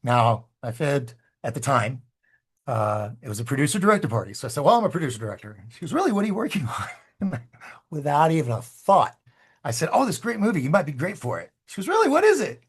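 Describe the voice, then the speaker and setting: Male filmmaker guest, husky timbre, animated storyteller who acts out quotes. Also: mid-range voice, quick pace. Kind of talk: storytelling in a casual interview.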